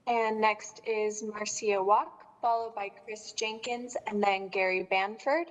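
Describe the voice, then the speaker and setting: A woman chairing a council meeting, calling the next speakers in a measured, formal way. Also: medium pitch, fairly even intonation. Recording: long hall reverb.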